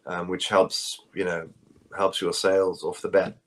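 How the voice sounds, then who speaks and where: Rambling South African man, low voice. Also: level tone, a little slow, fairly bright tone. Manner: rambling, many fillers and restarts. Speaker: bassist, interview guest. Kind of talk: casual interview answers. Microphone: phone call.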